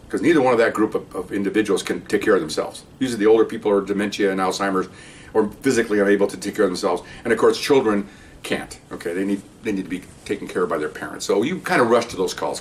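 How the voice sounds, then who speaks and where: An older man, a retired police officer, telling a story from his career in a rambling, casual way, restarting sentences and often checking in with an "okay?". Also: on the low side. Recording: distant mic with faint background hiss.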